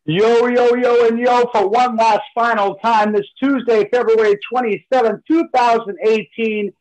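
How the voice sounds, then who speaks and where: A man co-hosting a talk radio show, rattling off shout-outs with hype and a motivational push. His voice sits high for a man. He is playful and upbeat. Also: fairly even intonation, measured pace, dull audio. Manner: hyped, motivational, playful with nicknames. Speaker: co-host.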